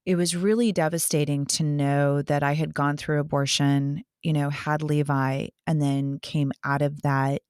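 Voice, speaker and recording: A woman's voice: low-pitched, flat delivery, measured pace, few pauses, a little mellow, smooth, no echo, clean studio sound. A woman hosting a faith podcast, sharing her own story in a heartfelt, personal way before asking her guest a question. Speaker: podcast host.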